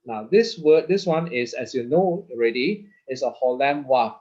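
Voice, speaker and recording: A man's voice: mid-range voice, expressive, moderate pace, darkish tone, lo-fi sound. A man teaching an online class, explaining patiently and checking in with "okay?" after nearly every phrase. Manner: patient, repeats words, frequent "okay?" checks. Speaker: Hebrew teacher. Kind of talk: online lesson with slides.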